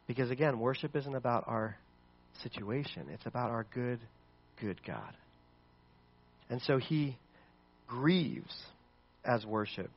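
A man preaching a sermon in an earnest way, moving between loud pleading and soft, hushed speech. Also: mid-range voice, muffled recording. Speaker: pastor.

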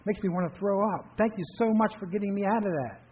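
A husky-voiced man preaching, putting on a frightened young man who keeps questioning himself aloud. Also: sits high, quick pace, voice pushed up. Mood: grateful. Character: frightened young man torn about leaving a river. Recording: dull lo-fi recording.

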